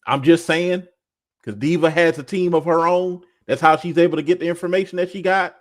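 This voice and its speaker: Co-host, male, slightly high-pitched, loose rambling gossip delivery. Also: fairly even intonation, fairly quick. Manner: loose, rambling, lots of fillers and restarts. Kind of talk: casual gossip chat.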